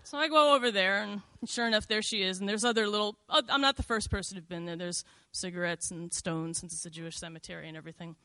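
Bright, candid middle-aged woman telling a story. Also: medium pitch, fast, few pauses, no echo. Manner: conversational, frequent "like" and "you know", candid and confessional. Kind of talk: first-person storytelling.

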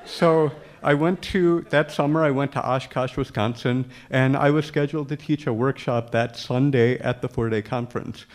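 A man's voice: medium pitch, moderate pace, hardly any pauses. A man telling a personal story to an audience in a humorous way, often chuckling as he talks. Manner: acts out dialogue with lively quoted voices.

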